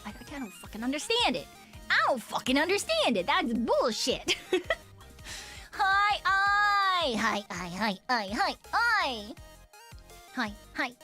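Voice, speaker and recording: A woman with a slightly high voice talks to her stream audience in loose, rambling chat. She swears freely and laughs often. Quiet music plays underneath. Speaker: VTuber streamer. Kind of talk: casual livestream chat.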